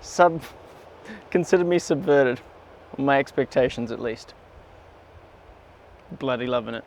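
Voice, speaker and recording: A man's voice: mid-range voice, measured pace, a little hiss or hum. A man hosting a cooking and travel vlog, talking in a wry, upbeat and self-mocking way, partly outdoors on a hike. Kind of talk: casual vlog talk and scripted voice-over.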